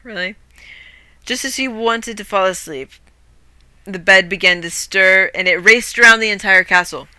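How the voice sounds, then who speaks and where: A woman's voice: mid-range voice, sharp tone, clear, resonant tone, no echo. A woman streamer reading a grim fairy tale aloud, often breaking off to swear and rant about it. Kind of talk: casual story reading with commentary.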